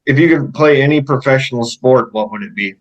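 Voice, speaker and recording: A Canadian man hosting an interview, asking easygoing questions with halting restarts. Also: mid-range voice, low-quality recording. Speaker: podcast host.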